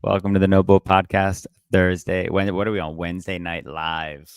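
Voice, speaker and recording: A man's voice: sits low, flat delivery, normal speed, clear, resonant tone, dry recording. A young man co-hosting a podcast, chatting casually, telling stories and swearing freely. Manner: loose, swearing, storytelling banter. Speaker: podcast co-host.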